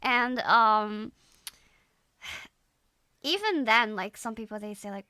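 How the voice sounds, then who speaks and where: Bright, gravelly young Dutch woman streaming. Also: fairly high pitch, animated, takes it slowly, pauses often, no room sound. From Netherlands. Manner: rambling, giggly, many filler words. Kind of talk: casual live-stream chat.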